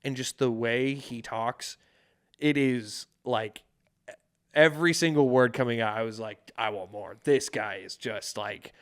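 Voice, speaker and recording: A man's voice: mid-range voice, unhurried, smooth. A man co-hosting a podcast in casual chat, rambling and hesitant, swearing casually. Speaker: podcast co-host.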